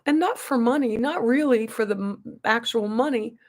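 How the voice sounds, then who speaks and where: A woman's voice: a little high, moderate pace. A woman vlogger telling a long personal story to her viewers in a rambling, emphatic way, full of restarts and asides. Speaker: beauty vlogger.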